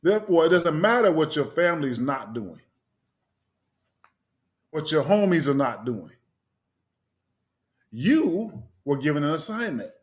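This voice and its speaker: A man's voice: fairly high pitch, very animated, unhurried, pauses often. A man preaching with rhetorical questions, pressing his listeners with "right?". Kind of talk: sermon.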